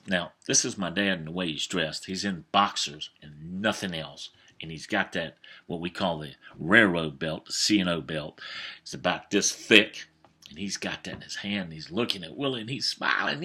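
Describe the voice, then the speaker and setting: A man in his fifties tells a story in a folksy, hesitant way. His low, husky voice rises and falls a lot, with a bright, forward edge. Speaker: vlogger. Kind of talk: storytelling monologue.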